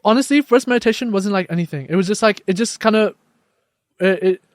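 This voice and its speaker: A young man chats on a podcast in a fairly high voice, recorded close and dry. He tells his story with animated energy, acting out what others said along the way. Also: quick pace, dry recording. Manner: animated storyteller, acts out quoted dialogue. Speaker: podcast guest, life coach. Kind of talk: casual podcast conversation.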